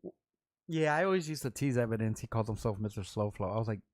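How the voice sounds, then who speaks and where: A middle-aged man from Los Angeles, a rapper hosting his own vlog, telling loose, profane, rambling stories full of quick asides. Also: on the low side, expressive, darkish tone, no echo, studio quality. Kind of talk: casual storytelling to camera.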